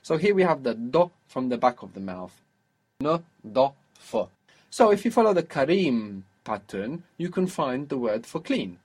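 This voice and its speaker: A man's voice: mid-range voice, very animated, moderate pace, hardly any pauses, a little mellow, slightly rough. A man teaching a one-on-one lesson, explaining patiently and repeating words for the learner. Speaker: Arabic teacher.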